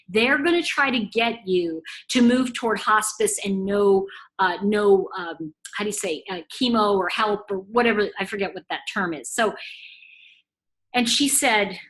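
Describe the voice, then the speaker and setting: A middle-aged woman casually telling a story to camera, chatty and animated, acting out the quoted dialogue. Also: medium pitch, unhurried. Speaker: intuitive reader and video host.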